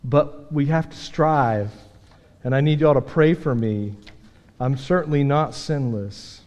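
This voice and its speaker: A man preaching a sermon as pastor, earnest and emphatic, dropping from loud points to quiet self-deprecating asides. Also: medium pitch, a little slow. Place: church sanctuary. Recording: long hall reverb.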